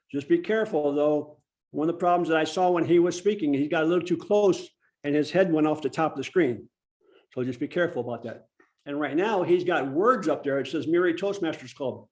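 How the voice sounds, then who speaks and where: A man presenting an online public speaking workshop over a video call. He is demonstrative and slows down to stress key words. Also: a little high, a little mellow. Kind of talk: instructive online workshop talk.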